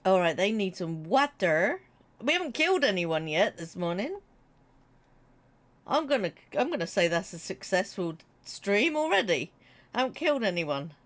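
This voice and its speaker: British woman, game streamer, casual chat, runny nose, jokey, medium pitch. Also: very animated, moderate pace. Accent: British English. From Britain. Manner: chatty, jokey, reads chat aloud. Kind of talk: casual chat while gaming.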